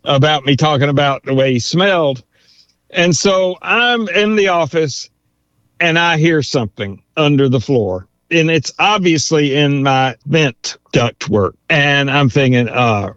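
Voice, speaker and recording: A man, a lawyer and author, telling animated anecdotes in an interview and chuckling as he goes. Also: a little high, normal speed, no room sound. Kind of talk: storytelling interview. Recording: dull, dry sound.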